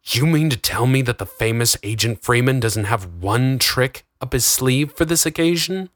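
A man voicing a young man who pleads and shouts in anguish, as an audiobook reader. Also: medium pitch, lively intonation, moderate pace, no room sound, studio quality, pitched above the performer's own voice, natural voice. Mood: threatening. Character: young man, desperate and furious.

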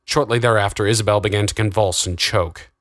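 A male narrator reads a fantasy novel with steady, dramatic delivery. His voice sits low, and the recording is dry and close. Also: a little fast, no room sound. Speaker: audiobook narrator. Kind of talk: scripted narration.

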